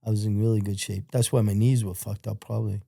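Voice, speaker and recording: A man with an American accent recounts his story in a loose, unpolished way, cursing freely and acting out what others said to him. His voice is dark and mellow. The sound is dry and close, with no room echo. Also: fairly low pitch, fast talker, vocal fry. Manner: blunt, profane, animated when quoting others. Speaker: guest telling his life story. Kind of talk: casual storytelling interview.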